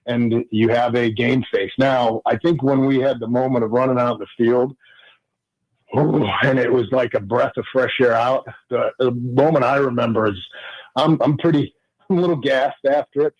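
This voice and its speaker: A man, a former pro football player, recounting his memories as a guest on a radio show, talking in halting sentences full of restarts. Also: medium pitch, fairly even intonation, no echo, muffled recording. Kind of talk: conversational radio interview.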